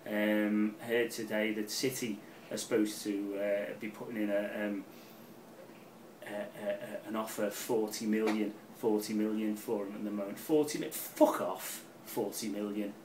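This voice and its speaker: Scouse fan-channel pundit, middle-aged, excitable and sweary, a bit distant with faint background hum. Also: male voice, lowish voice, normal speed. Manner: rambling, excitable, swears freely. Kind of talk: casual match preview. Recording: roomy, off-mic with faint ambience.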